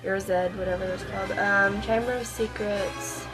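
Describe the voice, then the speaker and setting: A teenage girl vlogs at her computer at home, gushing and rambling in casual chat full of ums and likes. The female voice has a medium pitch and fairly even intonation at normal speed, heard over music with poor audio.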